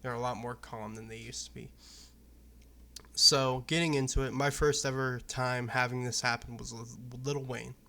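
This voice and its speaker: Flat-toned, bright-voiced young man vlogging. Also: medium pitch, normal speed, creaky. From Arizona, USA. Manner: candid, loose, profane, rambling. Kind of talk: casual personal talk to camera.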